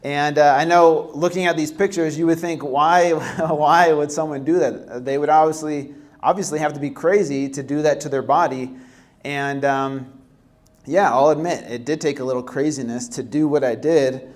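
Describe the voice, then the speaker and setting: A young man presenting at a healthy living workshop, casual and relaxed, with many fillers and restarts. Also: fairly high pitch, moderate pace. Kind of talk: live presentation talk. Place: workshop room.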